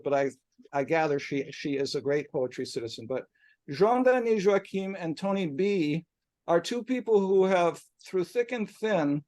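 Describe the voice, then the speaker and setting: At a poetry bookshop reading run as a hybrid video call, a man with a fairly high, slightly mellow voice introduces the poets. He chats with asides and corrects himself, then reads quoted poetry lines aloud. The recording is dry.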